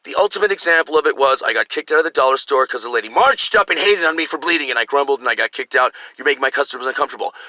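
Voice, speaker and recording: Bright-voiced older man ranting. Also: on the high side, dry recording. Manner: agitated, profane, rambling. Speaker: vlogger. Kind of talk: ranting monologue.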